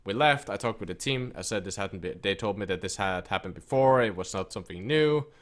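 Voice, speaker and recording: A man's voice: on the low side, lively intonation, fairly quick. A man who coaches an esports team, telling a frustrated story in casual speech and quoting people as he goes. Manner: frustrated, emphatic, quotes others in his retelling. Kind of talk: casual storytelling rant to camera.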